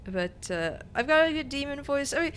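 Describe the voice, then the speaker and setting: A woman's voice: high voice, sing-song, brisk, fairly bright tone, a little hiss or hum. A young adult woman streaming a game, chatting casually in a rambling, self-conscious, giggly way. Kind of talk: casual gaming stream chat.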